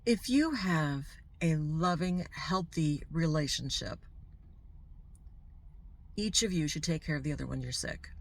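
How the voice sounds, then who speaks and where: Middle-aged woman, lower register, candid personal vlogger. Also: expressive, measured pace, vocal fry, long pauses. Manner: candid and heartfelt, with warm asides to the viewer. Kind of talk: personal storytelling to camera.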